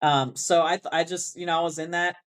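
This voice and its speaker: A woman's voice: on the low side, fairly even intonation, brisk. Rambling woman with a Valley accent. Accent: South Texas Rio Grande Valley. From Rio Grande Valley, Texas. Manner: rambling, many restarts, laughs often. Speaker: band director, podcast guest. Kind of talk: casual interview chat.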